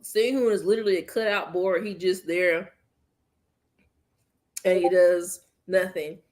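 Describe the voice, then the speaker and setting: A woman's voice: fairly low pitch, fairly even intonation, a little slow, darkish tone. A woman hosting a podcast in casual group chat, blunt and joking, often laughing. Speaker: podcast host.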